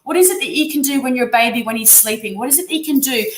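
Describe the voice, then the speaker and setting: A woman's voice: high voice, fast, a little hiss or hum. Effusive Australian woman reading tarot live. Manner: effusive, encouraging. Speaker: tarot reader. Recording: echoey room sound.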